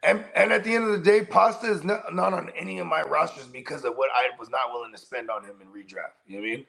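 Gravelly fast-talking man, lively pitch. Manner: rambling, profane, says "you know what I mean" a lot. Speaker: co-host. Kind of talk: casual fantasy football chat.

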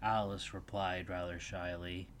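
A man narrating a read-aloud storybook in a steady, even way. His voice sits a little low for a man, with a faint hiss in the background. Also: a little slow.

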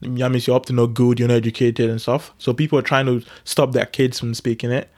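A man's voice: mid-range voice, level tone, fast talker, a little mellow. A young man from Nigeria, chatting casually as a podcast guest. He is laid-back, laughs often and fills his talk with "you know". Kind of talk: casual chat.

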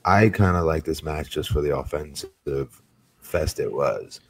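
A man's voice: very deep voice, unhurried, creaky, slight background noise. A man co-hosting a casual podcast, blunt and opinionated. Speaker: podcast co-host. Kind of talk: casual chat.

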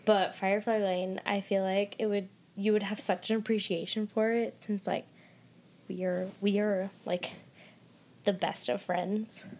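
A woman's voice: mid-range voice, flat delivery, measured pace, darkish tone. A young woman co-hosting a book podcast in casual chat, gushing and emphatic, repeating words for stress. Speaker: podcast co-host.

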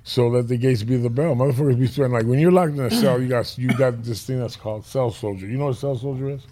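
A man's voice: mid-range voice, fast, mellow, a little hiss or hum. A man telling prison stories in a casual chat, profane and streetwise, rambling from one tale to the next.

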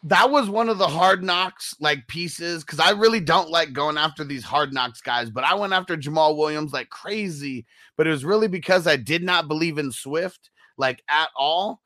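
A man's voice: a little high, normal speed, few pauses, sharp tone, dry recording. A young man hosting a fantasy football stream, talking in a slangy, laid-back way and reading viewer comments aloud. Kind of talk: casual stream chat.

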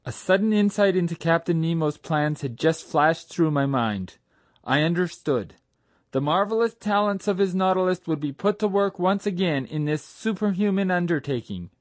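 A man reading a novel aloud as a first-person audiobook narrator in a measured storytelling way. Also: fairly high pitch, animated, dry recording, studio quality.

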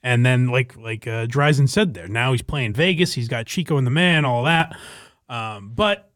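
A man's voice: medium pitch, moderate pace, a bit bright, dry recording, clean studio sound. A man hosting a podcast in casual chat, rambling with fillers, swearing and laughing. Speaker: podcast host.

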